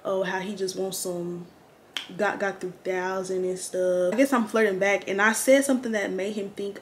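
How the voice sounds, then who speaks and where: A young woman chatting slangily through a get-ready-with-me storytime, animated and candid. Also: fairly low pitch, normal speed, slight background noise. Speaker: vlogger.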